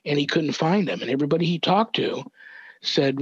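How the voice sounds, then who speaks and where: An older man, a reverend, earnestly recounting a family story as a podcast guest, measured and thoughtful with small restarts. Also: fairly high pitch, lively intonation, breathy edge, dry recording. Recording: dull, dry lo-fi audio.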